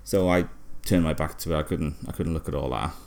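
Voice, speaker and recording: A man, co-hosting a comedy podcast, telling an absurd story deadpan with lots of fillers and hesitation. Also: very deep voice, fairly quick, vocal fry. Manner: rambling, hesitant, many fillers. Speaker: podcast co-host.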